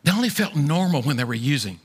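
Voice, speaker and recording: A man preaching a sermon in a large church, folksy and animated, often repeating his words. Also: fairly high pitch, fast talker, breathy edge. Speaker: pastor. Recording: echoey church hall.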